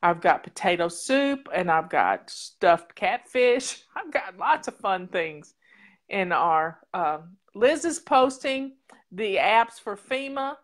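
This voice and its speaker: A woman's voice: medium pitch, animated, slow. A woman hosting a casual livestream, chatting in a folksy, rambling way straight to her viewers. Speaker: show host.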